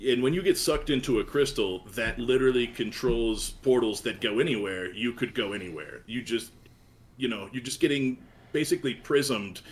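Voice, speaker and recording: A man hosting a casual podcast chat, talking in an excited, gushing way. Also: medium pitch, normal speed. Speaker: podcast host.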